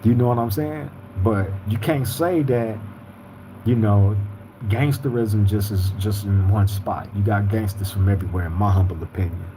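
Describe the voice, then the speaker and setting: Over a noisy background, a man with a lowish voice speaks at a normal speed while hosting a live podcast. He's laid-back, chatting casually in streetwise slang, reading out viewer comments and saying "you feel me" a lot.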